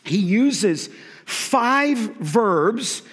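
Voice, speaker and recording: A man with a high-pitched voice delivers an earnest, emphatic sermon, pressing his points and sometimes restarting mid-sentence. His voice rings out with the long reverb of a large church hall. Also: big pitch swings, extremely slow, fairly bright tone, husky. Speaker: pastor.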